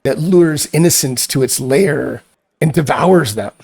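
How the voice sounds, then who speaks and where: A male game master narrates a tabletop role-playing scene in loose, halting phrases that keep circling back. His voice is a touch higher than typical, with a gravelly, creaky texture. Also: a little mellow. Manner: loose, halting narration full of fillers and restarts.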